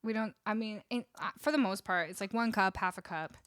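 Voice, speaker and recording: Her medium-pitched voice is smooth and fairly bright, moving fairly quickly, with clean studio sound and no room sound from a studio vocal mic. She's a young Canadian music streamer with a Canadian English accent, casually chatting with live stream viewers, laughing a lot and reading their messages aloud.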